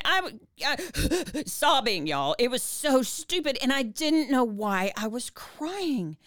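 A woman podcast co-host, telling a personal story in casual chat, animated and full of restarts. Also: smooth, dry recording, studio quality. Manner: animated, many restarts, pitch rises when reliving tears. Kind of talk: casual storytelling to her husband.

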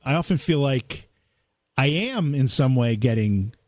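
A man hosting an interview, asking questions in a calm, self-deprecating way. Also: mid-range voice, a little slow, no room sound. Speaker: host. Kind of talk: casual interview.

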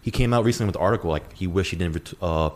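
A man's voice: deep voice, darkish tone. A man in a casual group discussion, chatty and full of fillers. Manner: quick, chatty, lots of "like".

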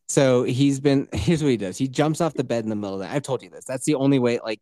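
A man's voice: medium pitch, a little fast, mellow, no echo. A young man, the podcast host, telling rambling, crude stories in casual chat with frequent laughter.

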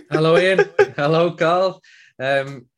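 A man with a fairly high voice speaks slowly as a regular on a football podcast. He chats casually in a self-deprecating way, often repeating words as he starts a thought.

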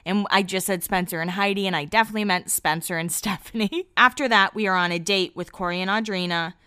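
A young woman talks through a reality show episode in a chatty, gossipy way, full of quick asides. Her voice is smooth and clear. The sound is dry and close. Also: mid-range voice, a bit bright, no room sound. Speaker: reality TV recap host. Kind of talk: casual recap commentary.

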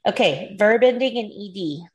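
A woman's voice: mid-range voice, animated, normal speed. A woman hosting a casual podcast chat, giggling often as she leads a word game. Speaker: podcast host.

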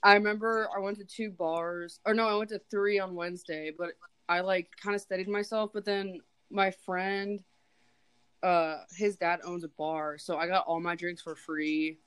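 A woman's voice: on the low side, little pitch movement, normal speed, fairly bright tone, clear, resonant tone, no room sound, poor audio. A woman in her early twenties chatting casually, rambling along and filling her speech with "like". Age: early 20s. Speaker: podcast co-host. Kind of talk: casual chat.

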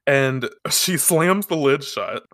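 A podcast co-host recaps a comic in casual chat, acting out the characters and swearing freely. The voice is bright and highly animated in pitch. It is recorded close and dry. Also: slow pace, dry recording. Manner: animated storytelling, acts out lines, swears casually.

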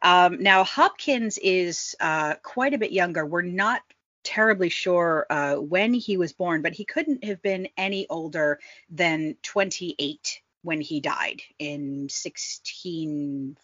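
A woman's voice: lowish voice, slow, a bit bright, no echo. A woman co-hosting a casual history podcast, explaining with wry, dry understatement. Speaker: podcast co-host. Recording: slightly dull, dry home mic.

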